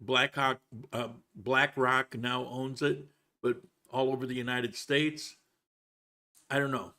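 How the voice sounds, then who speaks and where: A man hosting a relaxed live chat stream from home, talking in a loose, rambling way. He wanders between thoughts and restarts his sentences, sometimes talking with his mouth full. His voice sits at an ordinary middle pitch. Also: slow. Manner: rambling, chatty, with frequent restarts; talks while eating. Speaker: livestream host. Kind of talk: casual livestream chat. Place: home in Colombia.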